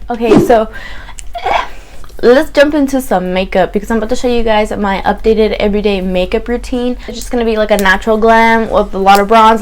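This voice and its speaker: A young woman chatting to camera in a candid story-time vlog, swearing freely and acting out her own reactions. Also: mid-range voice. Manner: chatty, candid, swears freely, quotes herself in lively asides. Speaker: beauty vlogger.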